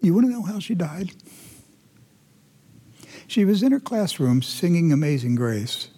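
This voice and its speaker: A man hosting a commentary show, talking indignantly and moving between heated outbursts and hushed, emotional passages. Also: on the high side, sing-song, a little slow. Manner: indignant, swings from loud ranting to hushed emotional. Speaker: host.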